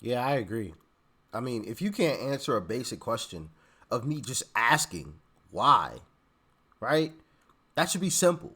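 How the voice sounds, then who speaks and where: A man's voice: medium pitch, big pitch swings, a little slow, pauses often, bright, forceful tone, slightly rough. A man giving casual reaction commentary on a clip, emphatic and agreeable.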